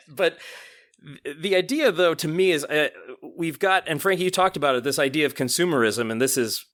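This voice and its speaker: A man's voice: fairly high pitch, moderate pace. A man hosting a podcast, chatting animatedly about a song and laughing often. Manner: animated, laughs often, quotes lyrics in voices. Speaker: podcast host. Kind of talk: casual podcast chat about music.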